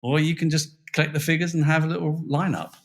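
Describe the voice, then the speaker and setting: A man with a British accent, a toy designer chatting casually as a guest on a podcast, lively and self-deprecating. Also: a little high, fast talker. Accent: British English.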